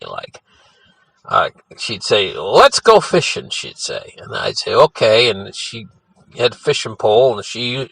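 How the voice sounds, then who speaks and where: A man's voice: on the low side, pushed and bright, dry recording, rough recording. An older man telling a childhood story in a casual, rambling way, often adding "you know" and restarting his sentences.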